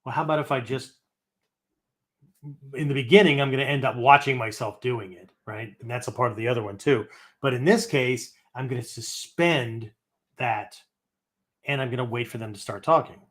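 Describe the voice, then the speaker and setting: A man's voice: mid-range voice, normal speed, a bit bright. A man hosting a martial arts philosophy show, teaching in a loose, conversational way that tags nearly every point with "right?" or "okay?". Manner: acts out angry voices and breathing as demonstrations. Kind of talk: casual teaching talk.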